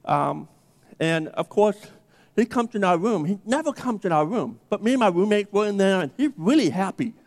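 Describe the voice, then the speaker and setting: A man's voice: sits high, lively intonation, moderate pace. A man preaching a sermon, telling a personal story and acting out the dialogue. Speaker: pastor. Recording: long hall reverb.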